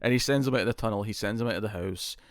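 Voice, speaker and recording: A man's voice: lowish voice, very fast, no echo, studio quality. A man with a British accent chatting casually as co-host of a TV review show, rambling and acting out scenes. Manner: rambling, acts out characters' lines with laughs. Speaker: podcast co-host.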